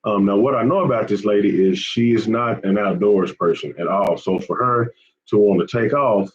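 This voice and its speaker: A man's voice: on the low side, a little mellow, highs cut off. A man hosting a fishing channel, chatting casually with viewers on a live stream. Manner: chatty, repetitive, often says man and y'all.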